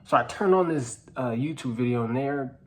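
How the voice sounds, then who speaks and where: A nineteen-year-old man earnestly telling a personal story to camera, halting, with many restarts and repeated phrases, sometimes dropping to a hush. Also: medium pitch. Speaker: vlogger. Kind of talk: personal testimony told to camera.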